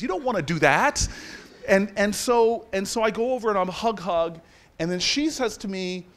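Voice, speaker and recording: A man's voice: high voice, lively intonation, brisk. A man in his forties telling a self-mocking story as a guest speaker in a university lecture hall. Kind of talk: storytelling speech to an audience.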